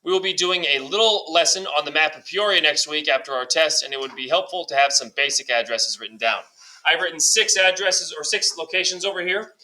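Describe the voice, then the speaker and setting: A male teacher giving brisk step-by-step classroom instructions, lightly joking. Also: a little high, sharp tone, poor audio. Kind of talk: classroom instructions recorded for a substitute.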